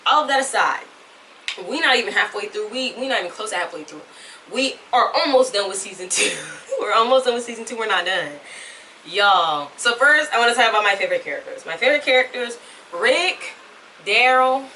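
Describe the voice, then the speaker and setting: Casting: rambling young woman vlogger, put-on Southern drawl, bright voice, distant camera mic with faint room noise. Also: a little high, expressive, fairly quick. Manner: chatty, rambling yapper. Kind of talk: casual chat to camera.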